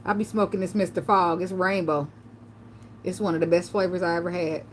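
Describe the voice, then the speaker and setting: A woman vlogger telling loose, profane stories in a relaxed chat, laughing often. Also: lowish voice, brisk, a little hiss or hum. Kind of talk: casual livestream chat.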